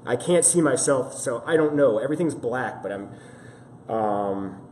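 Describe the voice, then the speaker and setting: A man's voice: medium pitch, lively intonation, unhurried, dark tone. A man hosting a live fitness stream, chatting casually and apologetically while greeting viewers, recorded through a camera mic. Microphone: camera-mounted mic. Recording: roomy echo with faint ambient noise.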